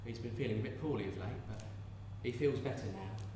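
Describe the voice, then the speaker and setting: A man's voice: lowish voice, fairly quick, noisy background, natural voice. A man performing a distraught young peasant mother clinging to her baby, in a tender, cooing and fervent stage monologue. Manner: tender, cooing and fervent, bursting into shouted curses. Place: large theatre hall. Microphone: distant stage mic. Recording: echoey hall from far off.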